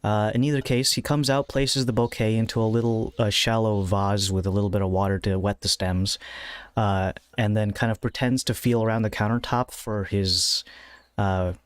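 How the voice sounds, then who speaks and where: A man running a tabletop game as game master, narrating in a relaxed, rambling way with many fillers. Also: on the low side, normal speed, clear, resonant tone, dry recording.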